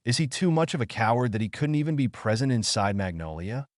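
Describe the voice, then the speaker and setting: A man's voice: medium pitch, big pitch swings, brisk, no echo, studio quality, lightly acted. A man voicing a brash, hot-tempered young male ninja in a fan story reading, with angry outbursts.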